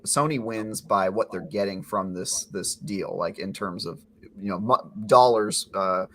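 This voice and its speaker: A man's voice: deep voice, a little slow, fairly bright tone. A man giving strong, emphatic opinions in a casual gaming podcast discussion.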